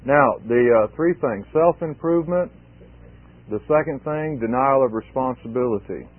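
A man's voice: mid-range voice, normal speed. A man preaching an expository sermon, emphatic and repeating key phrases for weight. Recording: tinny phone-like sermon recording.

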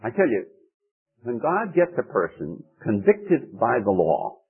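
A man's voice: wildly swooping pitch, a little slow, husky. A man preaching a sermon in an earnest, emphatic way, his voice leaping up for emphasis. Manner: earnest, emphatic preaching with sudden rises in pitch. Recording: tinny narrow-band old radio recording.

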